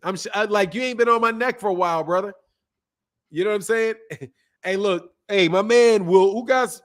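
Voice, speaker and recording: A man reads through super chats on his boxing channel's casual livestream, his delivery slangy and unhurried even with a sore throat. He speaks at a moderate pace in a voice that sits high.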